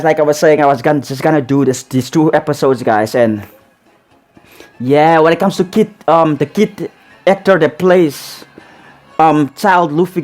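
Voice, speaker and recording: Male reaction-channel host, slightly high voice; rambling casual review, tic of "man" and "um", swings between hype and low-key gripes. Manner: says "man" after almost every phrase, many "um"s and restarts; excited and emphatic when praising, flatter and quieter when criticizing.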